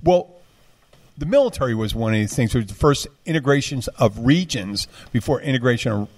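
A man's voice: mid-range voice, animated, a little fast. Rambling man. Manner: rambling, many restarts and fillers. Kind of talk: casual chat.

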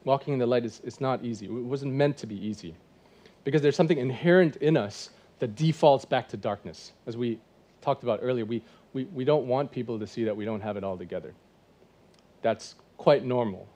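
A man's voice: medium pitch, brisk, dark tone. A man in his forties preaching a sermon in a church, conversational and full of rhetorical questions. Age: 40s. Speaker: pastor.

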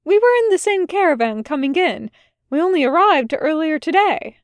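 A woman's voice: high voice, sing-song, moderate pace, dry recording, pitched above the performer's own voice. Fussy, courteous male angel, read by a woman, raised and eager, dry close sound. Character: polite fussy male angel, easily flustered.

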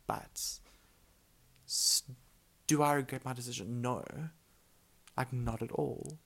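A man's voice: medium pitch, fairly even intonation, slow pace, gravelly, fairly bright tone. A young man hosting his own podcast, rambling in casual chat full of filler words and tending to mumble his words together. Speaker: podcast host.

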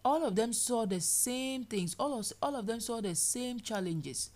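A woman preaching a sermon, animated, acting out people's complaints in playful voices. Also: a little high, a little slow.

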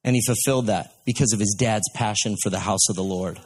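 A man's voice: on the low side, fast talker, slightly rough. A man preaching a sermon in a folksy, conversational way, telling stories to his congregation.

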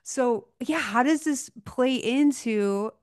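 A woman's voice: high voice, slow pace, clean tone, no room sound, studio quality. A woman in her thirties hosting a podcast, asking questions in an effusive, emotional way. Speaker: podcast host. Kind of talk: conversational interview.

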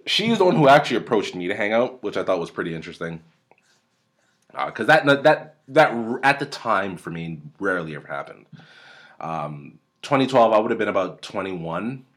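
Man, 30s, podcast host, low voice, lively pitch, rambling and profane, close mic at home. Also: normal speed. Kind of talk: casual storytelling. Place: home room. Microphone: desk mic at close range.

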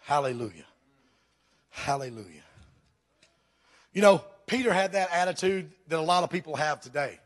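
A man preaches to his congregation, his voice pitched high for a man. He is fervent and emphatic and keeps putting questions straight to the church. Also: animated, moderate pace, long pauses. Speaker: pastor. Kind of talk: sermon.

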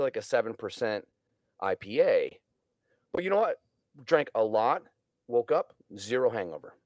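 A man's voice: mid-range voice, animated, normal speed, no echo. Rambling, swearing man with a dry sound. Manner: rambling storyteller, swears freely. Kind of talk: casual chat.

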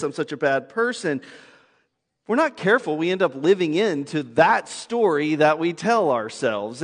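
A man in his thirties preaching a sermon as a pastor, conversational and self-deprecating, often repeating a word as he starts a thought. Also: high-pitched. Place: church sanctuary. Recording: long hall reverb.

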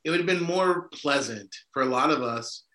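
An emphatic man co-hosting a podcast discussion. His voice sits a little high and sounds bright and forceful. The echo of the room is clearly heard around him. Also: moderate pace. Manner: emphatic, discursive, with frequent "right?" checks. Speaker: podcast co-host. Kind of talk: conversational discussion. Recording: echoey room.

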